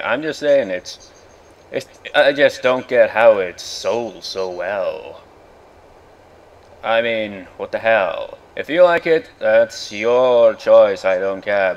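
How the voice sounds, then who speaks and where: Exasperated young man ranting, lo-fi. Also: lowish voice. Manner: exasperated, rambling, swears often. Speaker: gaming video host. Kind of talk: casual rant over gameplay.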